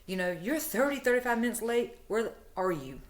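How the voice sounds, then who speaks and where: A woman's voice: a little high, very animated, a little fast. A woman recounting the words of a jealous girlfriend who scolds bluntly and doesn't back down. The voice stays close to the narrator's own plain speaking voice. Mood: scolding. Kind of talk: quoted dialogue in a spoken story.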